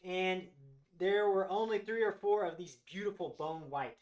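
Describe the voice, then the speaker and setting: A man with a notably high voice hosts a live-stream showcase. He talks with eager enthusiasm, praising each animal as he goes. He often circles back and restarts his sentences. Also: normal speed. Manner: enthusiastic, gushing over animals. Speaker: host of a live reptile sales show.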